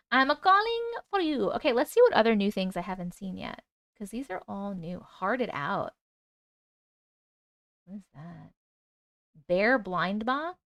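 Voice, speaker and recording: A woman hosting a casual livestream, chatting with viewers and rattling off quick thank-yous for gifts, excitable and prone to laughing and swearing. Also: medium pitch, no echo, clean studio sound. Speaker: livestream host. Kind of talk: casual livestream chat, reading comments and thanking gifters.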